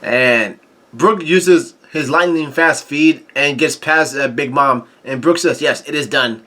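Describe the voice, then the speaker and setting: A man casually recapping a comic chapter as a channel host, halting often with fillers and tossing in crude asides. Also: fairly high pitch, sharp tone.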